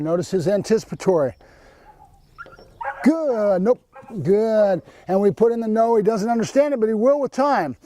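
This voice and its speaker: Male dog trainer, instructive, mellow tone, repeats short cue words. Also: high voice. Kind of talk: training demonstration with explanation.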